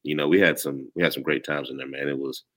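A man's voice: extremely low pitch, steady tone, quick pace, fairly bright tone. A man with a Southern country accent, chatting casually as a podcast guest in a laid-back, rambling way full of "you know.". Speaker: former player, podcast guest. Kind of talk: casual chat.

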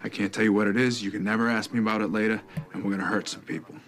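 A man's voice: lowish voice, little pitch movement, rapid-fire, a bit bright, lightly acted. A man playing a grim, urgent tough guy. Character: hard, intense grown man recruiting a friend.

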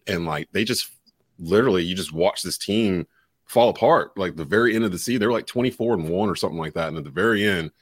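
Deep-voiced man from North Carolina, dry mic. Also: no echo. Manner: relaxed, with frequent "uh" and "um". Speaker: sports radio host and play-by-play caller. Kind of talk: casual podcast chat.

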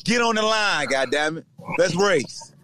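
Animated man hosting a sports podcast. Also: high voice, measured pace. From Virginia. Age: middle-aged. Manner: animated, slangy, jokes and voices people. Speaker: podcast host, former player. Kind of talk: casual sports podcast banter.

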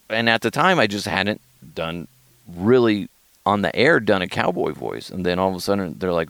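A man's voice: sits low, very animated, moderate pace, gravelly, fairly bright tone, no room sound. A man hosting a comedy podcast, rambling and self-deprecating with profanity. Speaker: podcast host. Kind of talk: casual comedic podcast chat.

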